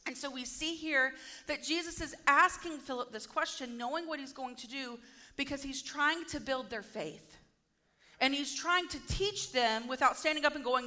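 A woman preaching a casual sermon, retelling a story and acting out the speakers' lines in a lively, conversational way. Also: high-pitched, normal speed.

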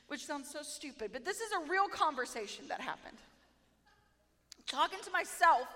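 A woman giving a heartfelt, emotional testimony in a sermon, talking slowly and sometimes near tears. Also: high-pitched, animated, pushed and bright. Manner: tearful, heartfelt, slow storytelling. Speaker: speaker sharing testimony. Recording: echoey hall with long reverb.

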